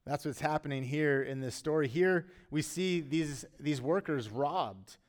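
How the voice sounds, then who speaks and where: A middle-aged man preaching a sermon as pastor, earnest and conversational, with emphatic rises and quiet drops. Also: fairly high pitch, a little slow.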